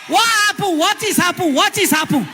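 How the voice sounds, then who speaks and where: Woman playing rowdy male drivers, excited, shouting, sharp tone. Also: extremely high pitch, brisk, slight background noise, voice pushed up.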